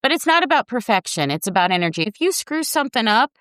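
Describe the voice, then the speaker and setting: A woman's voice: fairly high pitch, big pitch swings, quick pace, a bit bright, no echo, clean studio sound. A woman host giving casual dating advice in a frank, chatty way, talking straight to her listeners.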